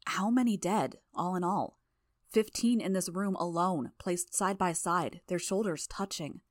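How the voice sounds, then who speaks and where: A woman narrating a first-person story for a fan audiobook in a steady, even way. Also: on the low side, unhurried, no room sound, clean studio sound.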